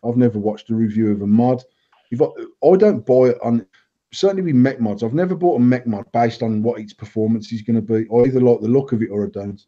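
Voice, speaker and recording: Sweary english bloke rambling on a podcast, dark tone, dull lo-fi sound. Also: male voice, mid-range voice, quick pace. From England. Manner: blunt, swears a lot, rambling restarts. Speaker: vape company owner, co-host. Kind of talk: casual chat.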